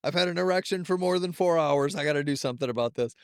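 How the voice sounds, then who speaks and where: A man's voice: a little high, fast talker, clear, resonant tone, no echo, studio quality. A young adult man co-hosting a podcast in casual chat, laid-back and agreeable, telling anecdotes. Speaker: podcast co-host.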